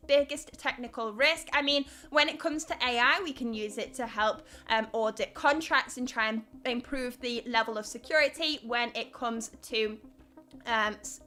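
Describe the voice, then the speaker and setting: A woman's voice: sits high, pushed and bright. A young woman with a Liverpool accent hosting a live crypto news stream, chatty and reading viewer comments aloud. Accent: Liverpool (Scouse). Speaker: livestream host.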